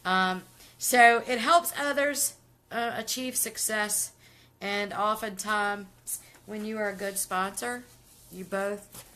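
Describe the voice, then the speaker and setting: A woman's voice: mid-range voice, pushed and bright. A middle-aged woman talking casually to viewers on a live stream, chatty and upbeat, reading out their comments as she goes. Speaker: vlogger doing a live stream.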